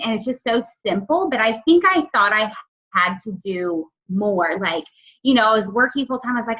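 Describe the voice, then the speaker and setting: A woman's voice: medium pitch, expressive, normal speed. Emotional woman on lo-fi call. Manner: emotional, reflective. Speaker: team leader sharing advice. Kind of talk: heartfelt team call talk.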